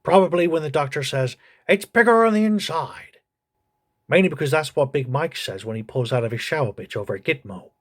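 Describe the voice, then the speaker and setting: A man hosting a comedic TV review, mocking the episode with crude, deadpan jokes. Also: mid-range voice, fast talker, hardly any pauses.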